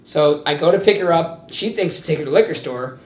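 A man's voice: fairly high pitch, fast. A young man in his twenties hosting a casual podcast chat, telling stories animatedly and acting out quotes. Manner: animated storyteller, acts out quotes with laughs. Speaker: podcast host. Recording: roomy echo.

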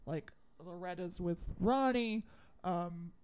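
A woman co-hosting a podcast, telling a film's plot in rambling, animated casual chat. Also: lowish voice, slow, clear, resonant tone. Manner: rambling and animated, lots of fillers, swears. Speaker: podcast co-host. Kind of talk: casual chat recapping a film.

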